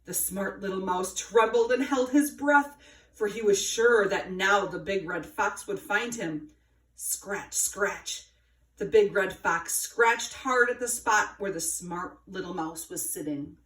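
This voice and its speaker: A woman reading a children's story aloud with an expressive, sing-song delivery. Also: mid-range voice, slow pace, far from the mic. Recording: roomy, from afar.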